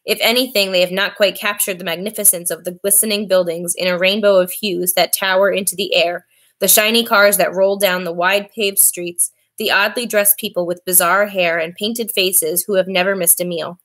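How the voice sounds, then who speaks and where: A woman's voice: mid-range voice, fairly even intonation, normal speed, a bit bright. Woman reading a novel aloud. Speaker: reader.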